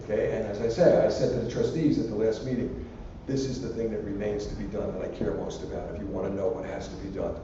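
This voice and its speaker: A man's voice: lowish voice, steady tone, fast talker, hardly any pauses, mellow, slight background noise. An older man, a university president, answering student questions in a rambling, anecdotal way that drifts into jokes. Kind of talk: casual public Q&A. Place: large lecture hall. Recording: echoey hall from far off, dull and lo-fi.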